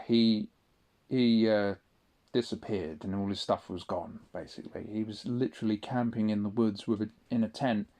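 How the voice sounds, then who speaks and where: Man, mellow darker voice, rambling profane monologue, keeps restarting sentences. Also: on the low side. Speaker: audio diarist. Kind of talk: casual spoken monologue.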